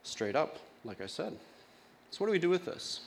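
A man's voice: fairly high pitch, big pitch swings, moderate pace, gravelly, slight background noise. A male pastor giving a sermon in a casual, conversational way, often asking his congregation questions.

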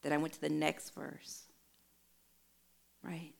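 A woman's voice: low voice, completely flat delivery, takes it slowly, gravelly. A middle-aged woman preaching a sermon, telling a personal testimony in an earnest, emphatic storytelling way.

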